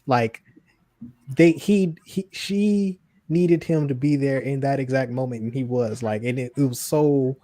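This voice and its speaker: Man, podcast co-host, mellow dark tone, dry close sound, relaxed casual chat. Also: mid-range voice, unhurried, no echo. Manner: laid-back, laughs easily, trails off.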